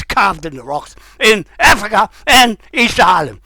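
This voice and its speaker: A man delivering a heated, confrontational rant, swearing and breaking into shouts. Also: high voice, big pitch swings, unhurried, hardly any pauses, dry recording, poor audio. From New Zealand. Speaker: vlogger. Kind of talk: angry ranting monologue.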